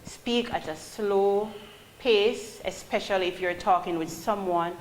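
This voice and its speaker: A woman leads a call-centre training class at an unhurried, measured pace, putting questions to her students. Her voice carries around a roomy classroom. A faint background hum sits under it. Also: mid-range voice. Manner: calls on students, asks questions. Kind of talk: classroom teaching.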